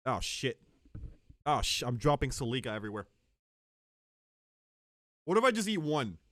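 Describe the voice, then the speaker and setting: A man's voice: medium pitch, normal speed, dry recording, clean studio sound. A man streaming live, chatting casually and joking with his chat. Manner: joking, animated, talks to chat.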